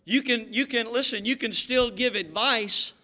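A man's voice: very high voice, moderate pace, bright, forceful tone. A man with a Southern accent from the Florida panhandle, preaching a fervent sermon as a pastor, with many restarts and rising exhortations.

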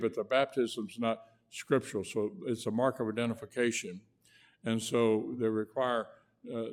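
A man with a twang delivers a sermon in a folksy, homespun way. His voice sits at an ordinary middle pitch, and he often doubles back on his words as he preaches. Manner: folksy, repeats words, tells homespun stories. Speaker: guest preacher.

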